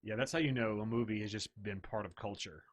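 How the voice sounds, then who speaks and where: A man's voice: lowish voice, fast talker. A man who produces a podcast, chiming in with brief, dry asides in casual chat.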